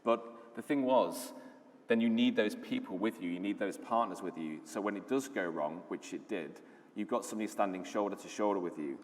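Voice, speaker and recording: Low-voiced british guy giving a conference talk, chatty and keen, reverb from the hall. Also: brisk. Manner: enthusiastic storytelling, conversational with fillers. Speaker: conference speaker, lead designer.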